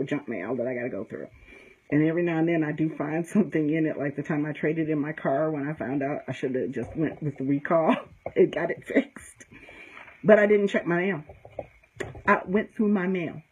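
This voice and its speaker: A woman's voice: low-pitched, normal speed, darkish tone, husky, highs cut off. A middle-aged woman from the United States, a conjure practitioner, giving blunt, profane, straight-talking advice in a casual teaching talk, often checking in with "okay?". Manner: emphatic storytelling with frequent "okay?".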